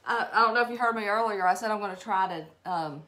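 A woman's voice: mid-range voice, fast, pushed and bright, a little hiss or hum. A middle-aged woman with an Alabama Southern accent, chatting and rambling casually while she demonstrates a craft project live for viewers. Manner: chatty and rambling, greets viewers, laughs at herself. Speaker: craft live-stream host.

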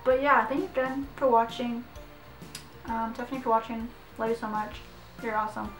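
A young woman, chatting excitedly through an unboxing vlog, giggling and saying "like" a lot. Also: on the high side, moderate pace, distant mic. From Canada. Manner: excitable and giggly, heavy use of "like". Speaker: vlogger. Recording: echoey room, voice off-mic, faint music.

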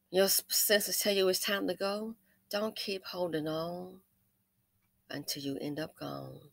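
A woman's voice: mid-range voice, a little slow, vocal fry, bright, forceful tone, dry recording, clean studio sound. A woman doing true-crime commentary in an emphatic, sassy, preachy way.

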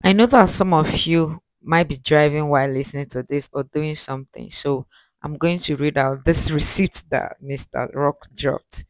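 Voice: mid-range voice, normal speed, no echo. A host reading out text messages and commenting between them. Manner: reads aloud and comments.

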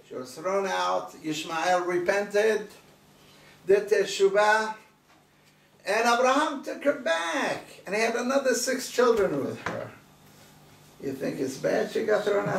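Rabbi, male, preaching with insistent repeated questions; high, gravelly voice; faint background noise. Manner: emphatic, repeats rhetorical questions. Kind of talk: sermon. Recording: roomy distant recording, faint noise.

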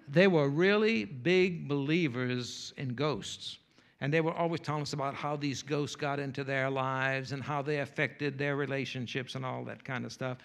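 A man's voice: medium pitch, gravelly, fairly bright tone. A male pastor, preaching a sermon and telling a folksy, humorous story with playful asides.

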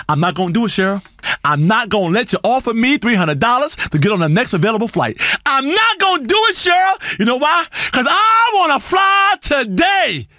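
An actor playing an erratic, self-important male radio health guru who rambles and swings between crooning and shouting. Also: extremely high pitch, no room sound, studio quality, heavily acted. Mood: indignant. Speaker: radio health show host. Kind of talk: comedic radio talk show performance.

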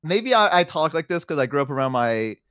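A man with a Southern US accent, a streamer chatting casually and telling profane, animated stories. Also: fairly high pitch, fairly quick, smooth, dry recording, clean studio sound. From Southern United States. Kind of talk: casual group chat.

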